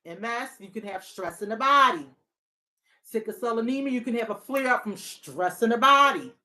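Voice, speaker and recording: A woman's voice: fairly high pitch, animated, moderate pace, sharp tone. A woman therapist and hotline counselor in a casual, reflective monologue, talking earnestly and often repeating her key phrases.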